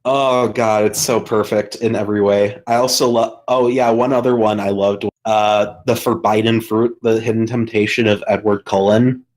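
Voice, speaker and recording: A man's voice: fairly low pitch, little pitch movement, moderate pace, few pauses, a little mellow, poor audio. Rambling man telling a story. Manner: rambling storyteller, heavy swearing, many fillers. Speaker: podcast co-host. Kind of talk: casual chat.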